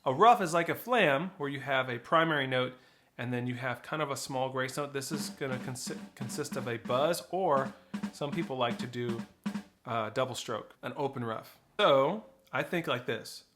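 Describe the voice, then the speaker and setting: A man's voice: medium pitch, normal speed, music in the background. A man teaching snare drum technique, explaining flams and rolls and counting rhythms aloud. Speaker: percussion teacher. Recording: loud drumming behind the voice.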